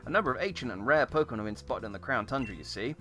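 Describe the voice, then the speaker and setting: A man voicing a quiet, matter-of-fact researcher. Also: medium pitch, lively intonation, very fast, faint music behind, voice pushed down.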